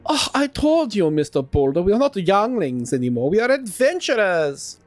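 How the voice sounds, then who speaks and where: An excitable young kid adventurer with a squeaky, put-on foreign accent, voiced by a man reading a game aloud. The voice sits far above his normal pitch and swoops with lively eagerness. Faint music plays behind. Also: normal speed. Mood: eager.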